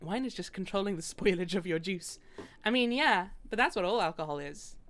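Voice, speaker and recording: A woman's voice: medium pitch, animated, brisk, fairly bright tone. A young British woman chatting casually while streaming a game, rambling and laughing often. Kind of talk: casual gaming stream chat.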